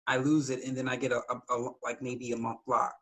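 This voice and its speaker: A man's voice: medium pitch, level tone, brisk, a bit bright, low-quality recording. A man talking candidly as a writer guest in a casual interview, rambling a little with restarts.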